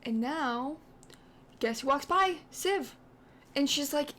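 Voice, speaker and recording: A woman's voice: high-pitched, expressive, takes it slowly, long pauses, fairly bright tone. A woman hosting a gaming channel, casually retelling her game's story in a chatty, rambling way with lots of "like".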